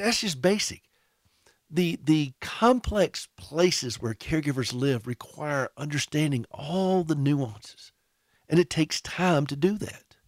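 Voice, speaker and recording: A man's voice: medium pitch, a little mellow, no echo, studio quality. A man hosting a radio show, talking earnestly and conversationally to caregivers. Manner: earnest, conversational, with frequent restarts. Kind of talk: casual radio talk to caregivers.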